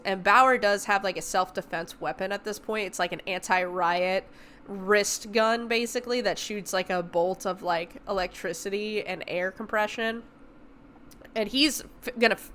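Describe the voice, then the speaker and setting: Podcast host, young woman, bright tense tone, loose swearing movie recap. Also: medium pitch, normal speed. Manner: animated, profane retelling with filler words. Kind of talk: casual movie review recap.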